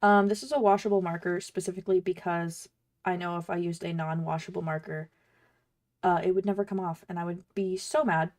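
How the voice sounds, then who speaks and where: A woman's voice: on the low side, steady tone, brisk, darkish tone. A woman cosplayer chatting casually while she crafts, bubbly, rambling and self-deprecating. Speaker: cosplayer and streamer.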